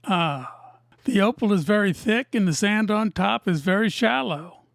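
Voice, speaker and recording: A woman who cuts and sells opals, narrating her workshop video in a deadpan, teasing way. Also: medium pitch, a little slow, gravelly, no room sound, clean studio sound. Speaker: opal cutter and seller. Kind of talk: narrated lapidary video with jokes.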